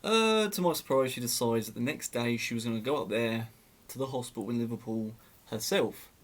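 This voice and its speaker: A man's voice: mid-range voice, flat delivery, brisk. A young man telling a story in a casual, sarcastic way, often laughing at it.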